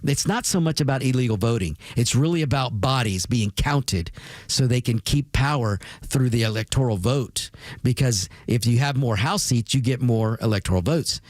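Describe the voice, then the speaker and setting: A male radio talk show host speaks at medium pitch and moderate pace with lively intonation and a darkish tone, pushing through an emphatic political monologue. He keeps repeating his points and calls his listeners "folks," rolling his R's Spanish-style on Latin words. The sound is close and dry, with no echo or room around it.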